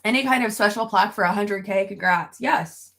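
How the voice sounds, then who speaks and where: A woman's voice: medium pitch, a little fast, vocal fry, fairly bright tone. A young woman chatting casually on a livestream, reading out viewer comments and swearing freely. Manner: chatty, swears freely, talks to her dog. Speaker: YouTuber on a livestream.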